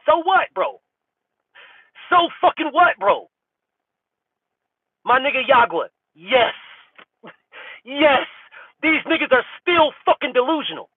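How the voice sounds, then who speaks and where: High-voiced husky guy going off at his chat, heated and profane, sounds tinny like a phone line. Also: sing-song, measured pace, pauses often, no room sound. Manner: heated, profane, repetitive, mocking. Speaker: boxing channel host. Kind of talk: live-stream rant to chat.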